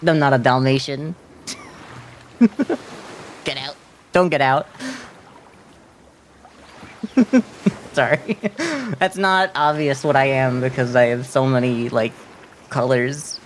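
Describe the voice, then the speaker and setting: A man's voice: medium pitch, slow pace, long pauses, slight background noise. A man streaming a video game, talking casually, rambling and joking with frequent giggles.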